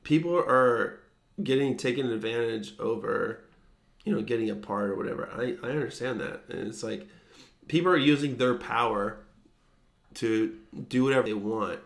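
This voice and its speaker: A man's voice: medium pitch, moderate pace, gravelly. A young man co-hosting a podcast in laid-back casual chat, dropping "man" and "dude". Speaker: podcast co-host. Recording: echoey room.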